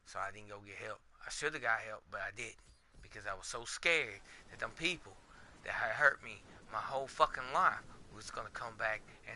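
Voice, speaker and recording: A man's voice: lowish voice, moderate pace, bright, forceful tone, a little hiss or hum. A man, a podcast host giving a candid, emotional monologue in a blunt and profane way.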